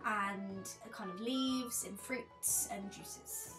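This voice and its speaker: A woman's voice: medium pitch, very slow, a bit bright, soft background music. A woman narrating as game master of a tabletop game, chatty and casual. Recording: echoey room.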